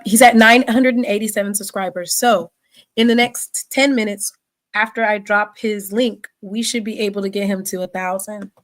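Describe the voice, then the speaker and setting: A woman's voice: mid-range voice, a bit bright. A woman hosting a casual sports livestream, reading off player stats with plenty of fillers and a rambling, friendly manner. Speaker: podcast host.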